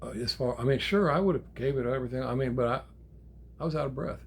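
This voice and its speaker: An older man, a grandfather, telling a story in a casual, animated way, with swearing and acted-out quotes. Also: medium pitch, fast, slight background noise. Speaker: channel host.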